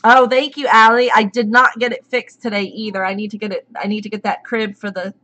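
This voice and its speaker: A woman's voice: medium pitch, little pitch movement, a little fast, bright, forceful tone, muffled recording. A woman hosting a casual live stream, chatting and reading out viewers' names as they come in. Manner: chatty, greets viewers by name.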